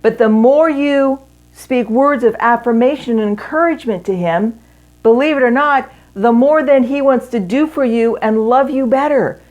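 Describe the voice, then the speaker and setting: A middle-aged woman with a slightly high, darkish voice gives an earnest teaching talk to women at a marriage seminar. She speaks in measured phrases, pausing between them.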